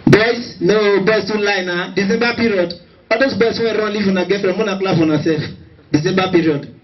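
A man doing live stand-up comedy in a Nigerian Pidgin accent, telling stories in an animated way and acting out many quotes. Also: sits high, fairly quick, a little hiss or hum. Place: large live stage venue. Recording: distant, dull stage recording.

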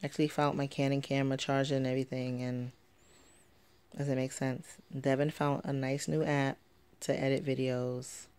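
A woman's voice: very deep voice, little pitch movement, moderate pace, a little mellow, clear, resonant tone. A young woman vlogging casually from home, rambling and chatty with many fillers. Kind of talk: casual vlog talk. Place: home, at night with sleeping baby.

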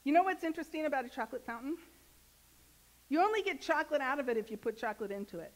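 A woman's voice: sits high, animated, racing, poor audio. A woman minister giving a sermon in a church, joking and asking her congregation questions in a conversational way. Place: church sanctuary.

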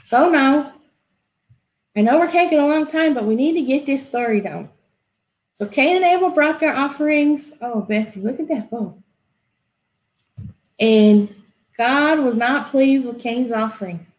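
High-voiced woman telling a Bible story. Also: unhurried, pauses often. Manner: animated, asks kids questions. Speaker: children's Bible teacher. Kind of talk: storytelling to children. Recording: echoey room.

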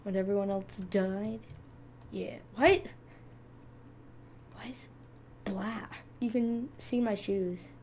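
A young woman runs a gaming channel, chatting playfully with viewers while she plays and clicks, in casual gameplay commentary. Her medium-pitched voice is steady and a little mellow, slow, with frequent pauses, over slight background noise.

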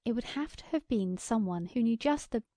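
A woman's voice: on the high side, lively intonation, normal speed, dark tone, no echo, clean studio sound, close to an everyday voice. A woman reading the lines of a condescending male county attorney in a tolerant, dismissive way. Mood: businesslike.

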